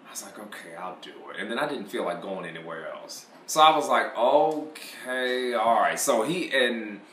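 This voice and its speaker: A man's voice: lowish voice, normal speed, roomy sound, slight background noise. A man telling a funny shop story in casual chat, acting out both sides and swearing and laughing freely. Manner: animated, acts out both sides of a shop argument.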